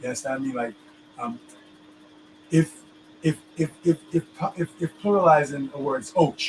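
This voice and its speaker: A man's voice: on the high side, moderate pace, a little hiss or hum, rough recording. A man explaining things in casual chat, loose and full of fillers, often checking that his listener understands.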